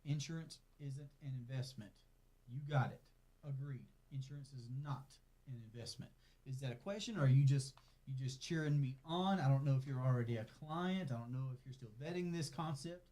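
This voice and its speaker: A man's voice: mid-range voice, a little fast, dark tone. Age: unknown. Sex: man. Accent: North Carolina Southern. Role: financial coach. Style: chatty livestream Q&A from an office. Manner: chatty, reads viewer comments aloud, tags lines with "okay?". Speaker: financial coach hosting a live Q&A. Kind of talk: casual livestream Q&A. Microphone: clip-on mic added partway.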